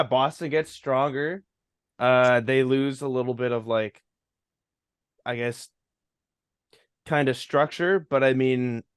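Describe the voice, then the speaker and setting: A man's voice: mid-range voice, clean tone, no room sound, studio quality. A man co-hosting a casual sports podcast, hesitant and full of fillers.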